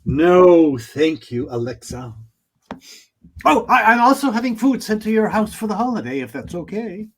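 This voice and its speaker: A man's voice: high voice, big pitch swings, moderate pace, heavily acted, low-quality recording. A man playing a tearful, reformed old Scrooge. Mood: tearful joy. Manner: emotional, stammering, giggly. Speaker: actor. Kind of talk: comic holiday stage play.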